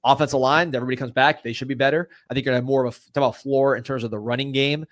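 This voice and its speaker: A man's voice: medium pitch, steady tone, very fast, dry recording, studio quality. A man co-hosting a podcast, in casual sports chat, rambling through confident opinions. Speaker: podcast co-host.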